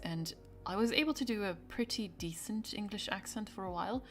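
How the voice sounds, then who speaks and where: A young woman streamer chatting casually with her viewers, laughing often and trailing into quick asides. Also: mid-range voice.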